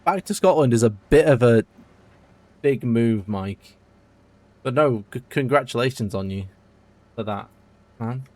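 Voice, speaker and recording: A man from the UK chats through a live game stream in a relaxed, rambling way. He talks straight to his viewers, answering them between moves in an easy, conversational voice. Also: mid-range voice, unhurried, long pauses, dry recording. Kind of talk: casual live-stream chat while playing.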